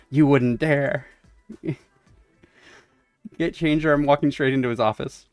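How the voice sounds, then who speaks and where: A man's voice: mid-range voice, fairly even intonation, measured pace, pauses often, a little mellow, smooth, dry recording. A man streaming a story game, casually reading its dialogue aloud and chuckling between lines. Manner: reads game text aloud, chuckles often. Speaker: let's-play streamer. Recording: dry close mic, faint game music.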